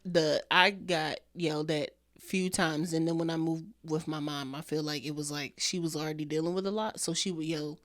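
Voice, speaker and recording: A young woman co-hosting a podcast, telling stories in a calm, soft-spoken casual chat. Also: low voice, moderate pace, few pauses. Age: young adult. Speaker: podcast co-host.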